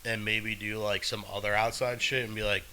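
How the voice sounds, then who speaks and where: Bright-voiced man in loose, profane chat. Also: on the low side, little pitch movement, brisk, a little hiss or hum, low-quality recording. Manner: loose, profane, rambling with frequent laughs. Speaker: podcast co-host. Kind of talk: casual chat.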